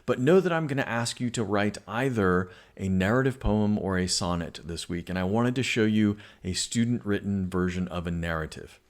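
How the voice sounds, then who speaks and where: Deep-voiced male English teacher. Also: normal speed, hardly any pauses. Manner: explains patiently, reads poems aloud, frequent fillers. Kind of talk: recorded online lesson.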